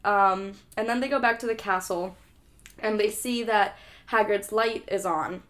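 A young woman co-hosting a podcast, casually recapping a book in a chatty way, swearing freely and tossing in quick character asides. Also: medium pitch, fairly bright tone. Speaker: podcast co-host.

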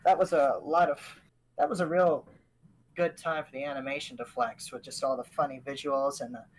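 A woman chatting casually about a film, relaxed and agreeable. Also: deep voice, moderate pace, rough recording. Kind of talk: casual chat.

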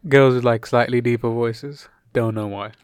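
A man's voice: medium pitch, steady tone, moderate pace, smooth, no room sound. A young man, chatting casually on a podcast, swearing freely and laughing a lot. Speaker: podcast co-host.

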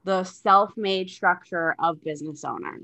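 A woman hosting a casual podcast chat, giggly and animated as she asks questions. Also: fairly low pitch, a little slow. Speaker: podcast host.

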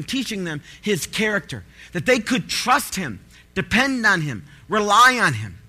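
A pastor delivering a sermon, his voice sitting high and ringing with a very bright edge. He tells stories in an animated way and breaks into loud, pleading bursts.

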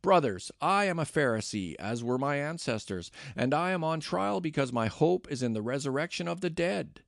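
A bold, earnest apostle pleading his case, read aloud by a man. The voice has a gravelly edge, and the recording is dry and close. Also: medium pitch, animated, moderate pace, hardly any pauses, no echo. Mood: impassioned. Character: Paul, bold male apostle defending himself.

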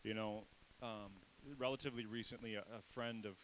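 A man's voice: fairly low pitch, fairly even intonation, a little fast, a bit bright, slight background noise, rough recording. A man in his thirties, a pastor giving a conversational sermon with candid, self-deprecating asides. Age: 30s.

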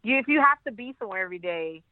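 A woman's voice: mid-range voice, rapid-fire, no echo. A woman co-hosting a podcast joins over a thin, phone-like line, her voice dry and close with no room sound. She talks in a loose, casual way, swearing freely and breaking into laughs. She tells her stories with plenty of life. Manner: swears freely, laughs often, animated storytelling. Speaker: podcast co-host. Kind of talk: casual recap chat.

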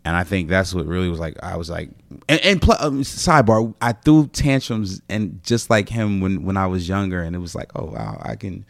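A man's voice: low voice, animated, moderate pace, no echo. A man who is a comedian guest, telling stories in casual podcast chat, rambling with many fillers.

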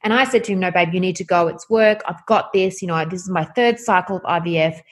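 A woman speaks as a guest, recounting her experience in a lively, candid way. She voices the people in her story as she goes, with a slightly low voice. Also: quick pace. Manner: animated, acts out quoted dialogue.

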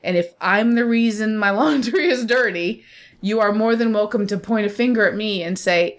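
A woman's voice: medium pitch, normal speed. A middle-aged woman co-hosting a podcast, talking bluntly and candidly in casual chat and laughing often. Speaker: podcast co-host.

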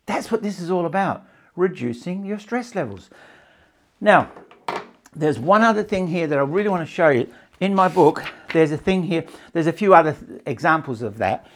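A man teaching stress relief and better sleep in a live talk to a small audience and a camera, repeating his points and checking that they follow. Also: fairly high pitch.

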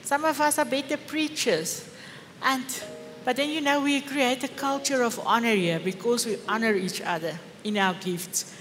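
A woman's voice: a little high, normal speed, a bit bright, a little hiss or hum. Fervent Afrikaans-accented woman preaching. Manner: fervent, with rhetorical questions. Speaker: pastor. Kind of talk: sermon. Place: church hall. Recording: echoey church hall with faint music.

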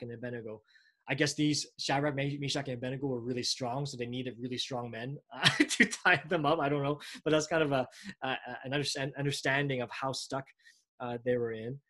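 A man preaching a sermon in a conversational way, often pausing and restarting. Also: medium pitch, fairly bright tone. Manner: conversational, with frequent fillers and restarts.

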